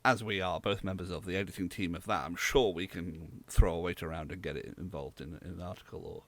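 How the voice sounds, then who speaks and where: A man's voice: low-pitched, fairly even intonation, a little fast, a bit bright. A man from Southwest England, co-hosting a casual podcast chat in a rambling, dry way. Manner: dry, rambling with many fillers. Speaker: podcast co-host.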